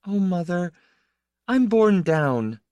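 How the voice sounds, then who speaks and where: A man reading aloud and voicing a proud, hurt, sharp-tongued young woman in a raised voice. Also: fairly high pitch, big pitch swings, moderate pace, no echo, pitched above the performer's own voice. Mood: distressed.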